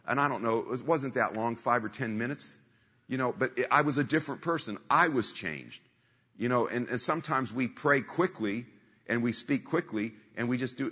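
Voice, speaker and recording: A man's voice: medium pitch, bright, forceful tone, husky, in a large hall. A man preaching a sermon in a conversational storytelling way, repeating scripture lines for emphasis.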